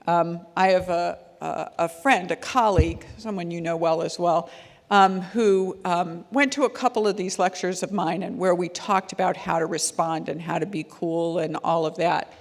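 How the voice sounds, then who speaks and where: A woman's voice: fairly low pitch, steady tone, normal speed. A woman child-safety educator giving an earnest, conversational talk to parents, telling stories with frequent ums and restarts. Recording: long hall reverb.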